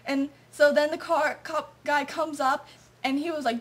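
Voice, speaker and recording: A woman's voice: high-pitched, steady tone, moderate pace, a bit bright. A woman telling a story in a casual confessional way, rambling along and filling it with "like" and "and so". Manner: rambling, lots of "like" and "and so".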